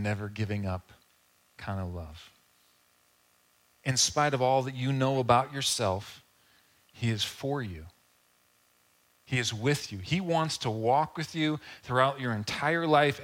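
A male pastor delivering a sermon in an easygoing, conversational tone. His voice sits at a middle pitch, and he talks to the congregation like friends, slipping into brief quoted voices. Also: a bit bright.

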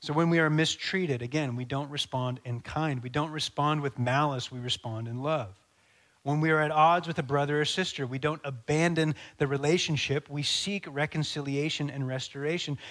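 Man, pastor, sermon, conversational, acts out scenes, slightly high-pitched. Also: moderate pace. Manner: animated, acts out dialogue, conversational asides.

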